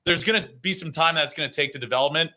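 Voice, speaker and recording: A man's voice: fairly high pitch, quick pace, pushed and bright. A young man on a sports panel, asking questions with hedging fillers. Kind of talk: casual sports chat.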